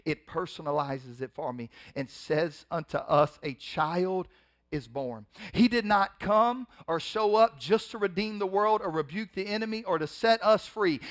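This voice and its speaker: A pastor preaching a sermon, swinging between loud emphatic rises and hushed drops, acting out scenes in casual, colloquial speech. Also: male voice, high voice, unhurried.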